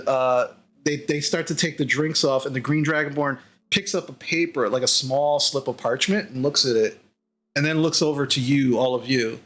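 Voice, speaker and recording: A man as game master narrating a tabletop game, halting with many fillers. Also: mid-range voice, a bit bright.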